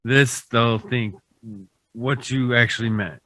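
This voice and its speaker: A man on a podcast who mostly offers short words of agreement and reassurance. His voice has a bright, forceful edge. It is recorded dry and close, with no room sound. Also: mid-range voice, steady tone, takes it slowly, no room sound. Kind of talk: casual chat.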